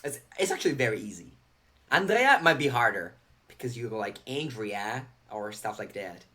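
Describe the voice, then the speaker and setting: A man's voice: mid-range voice, sing-song, fairly quick, bright, forceful tone. A young man talks through a card game on a live stream, chatty and loose. He reads viewer questions aloud and answers them. He is close to the mic.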